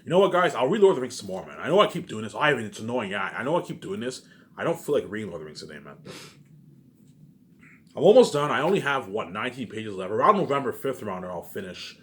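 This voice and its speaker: A man's voice: mid-range voice, very animated, fast, fairly bright tone. A man rambling through a casual monologue for his viewers, repeating himself often and swearing freely. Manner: rambling and repetitive, with frequent swearing. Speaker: vlogger.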